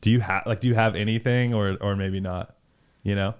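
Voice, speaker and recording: A young man from California with a Californian accent, talking casually as a podcast host, animated and full of fillers and swearing. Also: fairly low pitch, fairly quick, clean tone. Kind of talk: casual chat.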